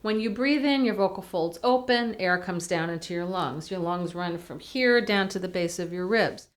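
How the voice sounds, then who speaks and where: A woman voice teacher giving a chatty singing lesson, breaking into sung warm-up vowels to demonstrate. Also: on the low side, normal speed. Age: older. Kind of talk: vocal lesson to camera.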